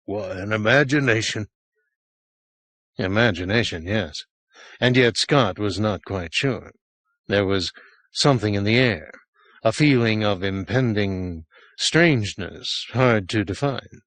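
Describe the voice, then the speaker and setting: A man reading a horror short story aloud as an audiobook narrator, measured and expressive. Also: fairly low pitch, no room sound. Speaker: audiobook reader.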